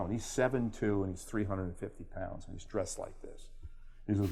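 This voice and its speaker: An older man from Miami with a fairly low voice tells sports anecdotes as an interview guest. He is animated and lively, slipping into impressions and jumping back into his own telling. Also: moderate pace, creaky. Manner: animated storyteller, does impressions. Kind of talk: casual storytelling interview.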